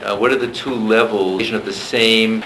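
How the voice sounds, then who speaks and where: A male lecturer leading a seminar, talking in a discursive, halting way with frequent restarts. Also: on the low side, fairly even intonation, reverberant, noisy background.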